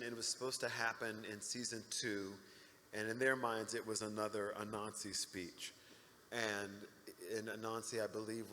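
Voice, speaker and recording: Middle-aged guy telling stories on a convention stage, lively, bright voice, echoey hall. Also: fairly low pitch, a little hiss or hum. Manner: animated storyteller acting out quoted people. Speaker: interview guest. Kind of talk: convention panel storytelling. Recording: reverberant hall.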